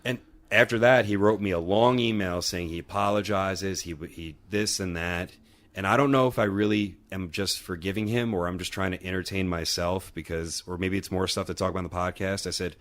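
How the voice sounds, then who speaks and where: A man's voice: sits low, fairly bright tone. A man co-hosting a podcast, telling a rambling, profane story in casual chat. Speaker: podcast co-host and wrestling trainer.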